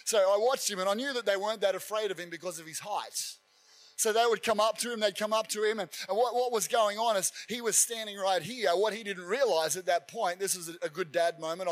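High-voiced male pastor preaching. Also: a little fast. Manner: energetic storytelling, rising to fervent shouts. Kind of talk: sermon.

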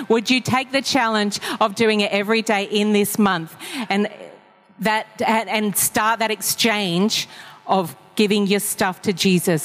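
A woman's voice: mid-range voice, fairly even intonation, unhurried. A woman preaching a sermon, telling personal stories in a conversational way with frequent fillers. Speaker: pastor. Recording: long reverb of a large hall.

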